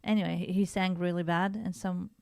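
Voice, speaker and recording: A woman's voice: lowish voice, fairly even intonation, brisk, creaky, a little mellow, a little hiss or hum. A woman co-hosting a podcast in casual chat, talkative with frequent laughs and restarts. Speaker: podcast co-host.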